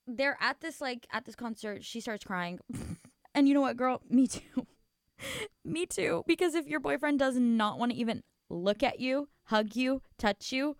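A woman's voice: on the high side, dry recording, studio quality. A young woman hosting a show, telling a story in a chatty, dramatic, giggly way with lots of slang. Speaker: radio host. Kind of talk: casual chat.

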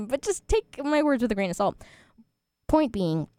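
A woman's voice: fairly high pitch, sing-song, unhurried, mellow, dry recording, clean studio sound. A twenty-year-old woman hosting a student radio show, chatting casually and rambling with frequent laughs. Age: 20s.

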